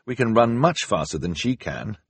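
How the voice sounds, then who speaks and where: A man's voice: on the low side, very animated, normal speed, slightly rough, no room sound, full character voice. A man voicing an anxious, bookish young boy who asks his questions pleadingly.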